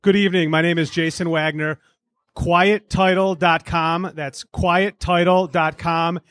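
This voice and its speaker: Guy doing a slick little promo, fairly high voice, dry. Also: flat delivery, unhurried, a bit bright, dry recording. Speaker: business owner. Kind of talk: quick sales pitch.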